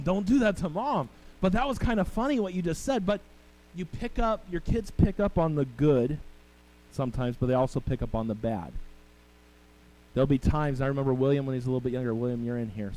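High-voiced man preaching a sermon. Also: a little mellow, a little hiss or hum, rough recording. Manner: storytelling, conversational with the congregation. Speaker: pastor.

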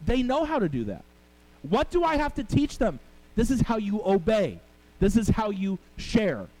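A man's voice: high-pitched, sing-song, normal speed, a little mellow, poor audio. A middle-aged male pastor preaching a sermon, telling family stories and talking with the congregation. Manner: storytelling, conversational with the congregation.

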